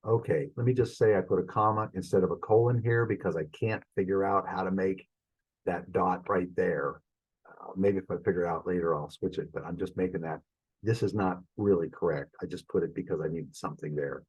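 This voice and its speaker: A man's voice: low-pitched, a little fast, darkish tone, slightly rough, dull audio. A middle-aged man teaching a Greek lesson, thinking aloud as he works through examples and stops to correct his own mistakes. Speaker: Greek instructor. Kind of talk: recorded classroom lesson.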